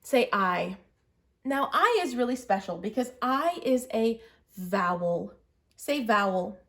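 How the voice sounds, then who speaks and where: A woman's voice: on the high side, animated, slow pace, fairly bright tone. A woman teaching a children's reading lesson, patiently walking young learners through writing letters and saying their sounds. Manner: encouraging, patient, prompting the viewer to repeat. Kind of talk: early literacy lesson, guiding children through letter formation.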